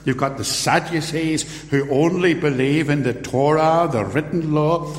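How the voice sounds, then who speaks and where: A man preaching a sermon, telling the story slowly and acting out the quoted voices. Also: a little high. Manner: slow, deliberate storytelling with acted-out quotes. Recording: roomy hall with long reverb.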